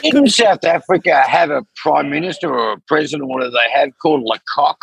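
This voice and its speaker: A man with a gravelly, husky voice drops deadpan asides in sports banter. The recording is dry and close. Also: on the high side, a little fast, no echo, low-quality recording. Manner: deadpan, offbeat interjections. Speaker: co-host. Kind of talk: casual comedic sports chat.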